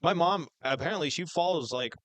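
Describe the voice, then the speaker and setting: A young man hosting a podcast, telling a story in an animated, profane rant. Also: fairly high pitch, moderate pace, no room sound. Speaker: podcast host. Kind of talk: casual storytelling chat.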